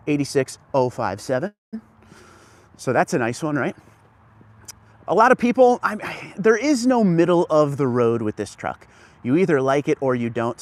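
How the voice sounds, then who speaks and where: A man hosting a casual live stream from outdoors on a car dealership lot, chatting and greeting viewers by name as he walks. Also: medium pitch.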